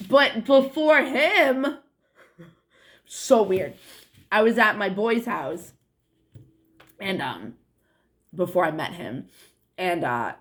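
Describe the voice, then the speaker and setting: In a slow, expressive voice of medium pitch and fairly bright tone, with long pauses, a young woman with a New England accent talks to her viewers. Her rambling, casual monologue to camera wanders about, is full of "like" and swearing, and often breaks into laughter.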